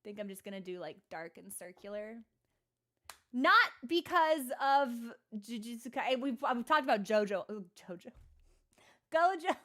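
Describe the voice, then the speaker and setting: A woman streaming a game talks in a very animated but unhurried way, her slightly high voice a bit bright. Her casual chat is rambling, sarcastic, and self-mocking, and it's packed with fillers.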